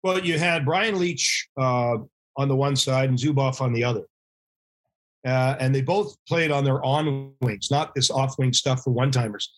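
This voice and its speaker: A middle-aged man, a former hockey goalie, telling animated anecdotes as a podcast guest and acting out quoted voices. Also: mid-range voice, normal speed. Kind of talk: casual storytelling interview.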